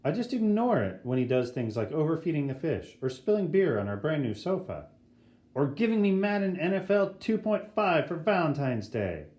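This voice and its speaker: A man's voice: fairly high pitch, sing-song, moderate pace, a little mellow. A man doing a chatty, motherly woman. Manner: gossipy, kindly, chatty. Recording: roomy echo.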